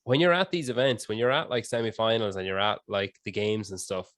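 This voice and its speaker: Male podcast host, low voice, laid-back rambling questioner, dry close sound. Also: brisk, a bit bright, dry recording. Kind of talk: casual podcast chat.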